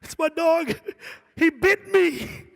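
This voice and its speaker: A man's voice: very high-pitched, lively intonation, takes it slowly, vocal fry, fairly bright tone, pitched above the performer's own voice, full character voice. A man voicing a sobbing, pleading male pet owner who was bitten by his dog, on a live stage. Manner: whiny, pleading. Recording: reverberant concert hall.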